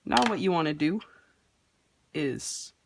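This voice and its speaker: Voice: medium pitch, lively intonation, takes it slowly, vocal fry, background noise. A person hosting a casual drawing tutorial, talking in a rambling, offhand and self-deprecating way while sketching. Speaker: art tutorial host.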